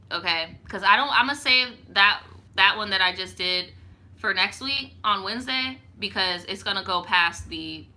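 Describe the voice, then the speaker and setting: Bright and forceful at a medium pitch, this young woman's voice hosts a casual live stream as a storytime YouTuber. She reads out stories from viewers and responds with slang.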